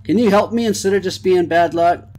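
A man giving excitable let's-play commentary on a horror game, swearing and talking to the game. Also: high voice, brisk, a little hiss or hum. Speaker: gamer.

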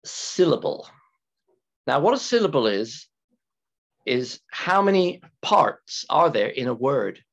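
A man teaching an English grammar lesson to students, talking slowly and deliberately, repeating key words and stretching them for emphasis. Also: medium pitch, sing-song, creaky, a bit bright. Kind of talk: recorded classroom grammar lecture. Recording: dull lo-fi lecture recording with keyboard typing.

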